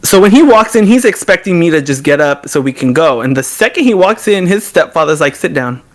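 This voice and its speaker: A young man, a podcast guest, telling an emotional story and acting out the dialogue with big shifts in his voice. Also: brisk. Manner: animated, reenacts quoted dialogue with swings in pitch.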